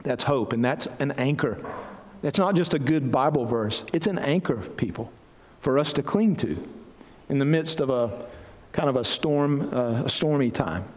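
A man's voice: medium pitch, lively intonation, moderate pace, darkish tone. A man preaching a sermon as pastor, earnest and building to emphatic passages. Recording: reverberant hall.

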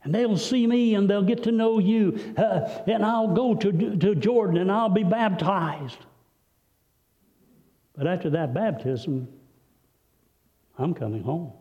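A male preacher delivering a sermon, telling a story with dramatic swings between loud, high passages and hushed, low ones. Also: a little slow. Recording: dull, lo-fi recording with long hall reverb.

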